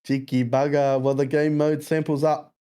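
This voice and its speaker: A man's voice: a little high, flat delivery, normal speed, mellow, clean tone. A man hosting a live music game show, chatting casually and teasing the contestants. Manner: laughing, teasing banter. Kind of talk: casual live-stream chat.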